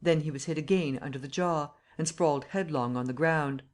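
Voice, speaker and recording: Steady audiobook narrator. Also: medium pitch, brisk. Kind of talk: scripted narration of a classic novel.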